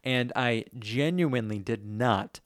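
A man co-hosting a casual podcast chat, chatty and self-deprecating, sometimes reading song lyrics aloud slowly. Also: medium pitch, dry recording, studio quality. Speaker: podcast co-host.

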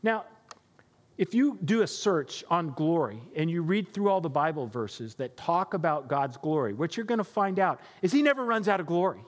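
A pastor giving a sermon in an emphatic, conversational preaching manner. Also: male voice, a little high, big pitch swings, normal speed, long reverb tail.

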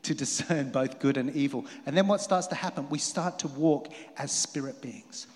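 A man preaching a sermon in a lively way, rising to emphatic peaks and dropping to quiet asides. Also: on the high side, moderate pace. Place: church hall. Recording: long hall reverb.

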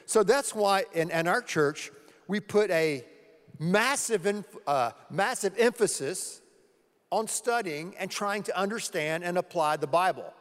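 A man's voice: high-pitched, unhurried, a bit bright. A man preaching a sermon to his church as pastor, earnestly repeating key words for emphasis. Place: church sanctuary. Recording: long hall reverb.

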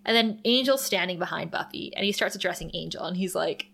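Bright, animated woman recapping a show. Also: medium pitch, a little fast, creaky, hardly any pauses. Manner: animated retelling, reads out dialogue with laughs. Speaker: podcast co-host recapping a TV episode. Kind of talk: casual chat.

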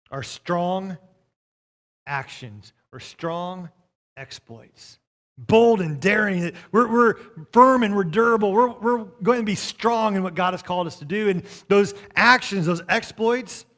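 A man preaching a sermon as pastor, reading scripture and telling a story, swinging between soft passages and loud ones. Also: high-pitched.

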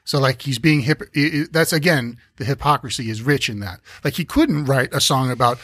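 A man's voice: mid-range voice, fairly quick, hardly any pauses, fairly bright tone, no echo, clean studio sound. A man co-hosting a podcast in casual chat, blunt and wry, swearing casually. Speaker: podcast co-host.

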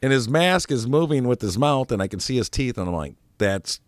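A man's voice: medium pitch, sing-song, quick pace, no echo, studio quality. A man co-hosting a casual chat show who rambles through stories, laughs often and trips over his words. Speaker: co-host. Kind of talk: casual radio-style chat.

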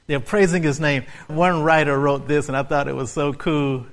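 Fervent preacher man, slightly high voice. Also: fairly even intonation, normal speed. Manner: builds to fervent, rising exclamations and repeated phrases. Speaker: pastor. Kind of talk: sermon.

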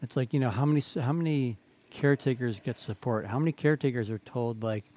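A man's voice: mid-range voice, fast, darkish tone. A man hosting a conversation, reflective and searching for words as he speaks. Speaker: host.

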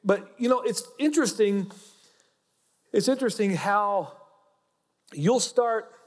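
A man's voice: high-pitched, animated, takes it slowly, in a large hall. A man with an Oklahoma accent preaching a sermon, folksy and joking as he teaches. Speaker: pastor.

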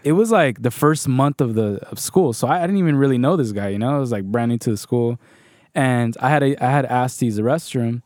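Man, mid-pitched voice, casual rambling story, swears a lot, dry close mic. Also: brisk, a little mellow, no echo.

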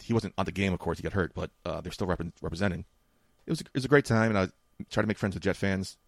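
Fast-talking gravelly man. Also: low voice, no echo, clean studio sound. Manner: quick, offhand and joking. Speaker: podcast host. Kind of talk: casual chat.

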